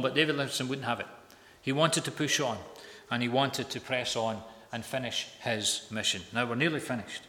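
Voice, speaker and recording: A man's voice: mid-range voice, bright, forceful tone. A man telling a story as a sermon in a large hall, emphatic, repeating phrases for effect. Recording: echoey hall with long reverb.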